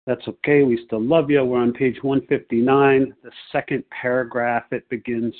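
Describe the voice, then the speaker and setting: A man's voice: mid-range voice, moderate pace, hardly any pauses. Friendly man chairing a call. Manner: relaxed, friendly, jokey. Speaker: meeting leader. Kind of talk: chairing a meeting. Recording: tinny phone-like call audio.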